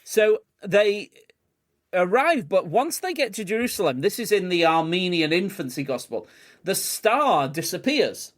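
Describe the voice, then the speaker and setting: A man co-hosting a casual discussion podcast, reading passages aloud in a lively way. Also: high voice, a little slow, no echo, studio quality. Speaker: podcast co-host.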